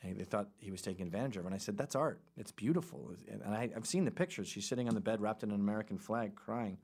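A man's voice: on the low side, quick pace, a little mellow, breathy edge. Irreverent rambling male podcast host. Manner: rambling, irreverent, jumps between topics. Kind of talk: casual podcast commentary.

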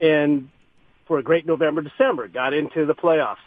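Male caller, high voice, rapid rant, tinny phone audio. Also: no echo. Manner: rapid ranting argument. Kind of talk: sports radio call-in.

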